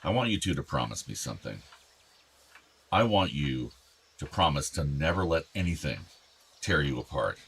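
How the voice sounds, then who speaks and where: An actor playing an ailing older father in a radio drama, soft-spoken, tender and apologetic. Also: rumbling low, big pitch swings, moderate pace, long pauses, husky, heavily acted. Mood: earnest.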